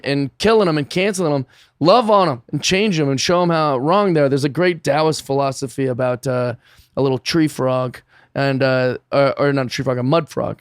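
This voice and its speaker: An American man, a guest comedian, chatting casually on a podcast and telling animated stories. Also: mid-range voice, clean tone, no room sound, studio quality. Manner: animated, storytelling, excitable laughs.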